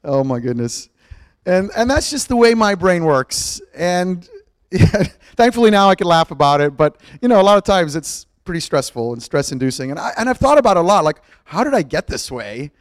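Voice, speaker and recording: Animated, self-mocking middle-aged preacher. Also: male voice, sits high, normal speed, no room sound. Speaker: pastor. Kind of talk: storytelling sermon.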